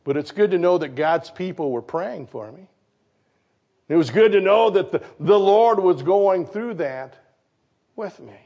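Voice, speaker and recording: A man from Michigan, a pastor preaching a sermon, animated and putting questions to his congregation. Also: high-pitched, a little slow, creaky. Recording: dull lo-fi recording.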